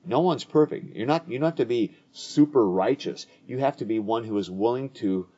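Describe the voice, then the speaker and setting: Guy w/ a warm husky voice talking earnestly about faith, kinda muffled audio. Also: medium pitch, lively intonation, moderate pace. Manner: earnest, repeats words as he restarts. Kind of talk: conversational teaching on faith. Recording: dull lo-fi audio.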